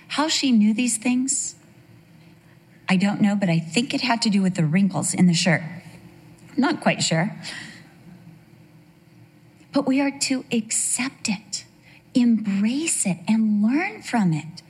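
A woman's voice: on the high side, animated, takes it slowly, pauses often, darkish tone, husky. A middle-aged woman teaching a sermon, telling personal stories and acting out quoted voices with humorous asides. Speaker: women's Bible teacher.

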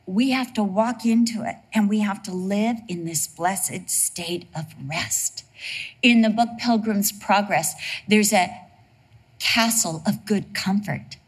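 A woman preaching a sermon in a lively, humorous storytelling way. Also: medium pitch, slow, slightly rough.

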